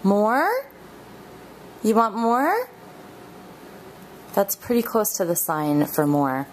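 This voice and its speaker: A woman filming her baby at home, talking to her in soft, coaxing, sing-song baby talk. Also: medium pitch, very animated, slow pace, slight background noise. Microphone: handheld camera mic.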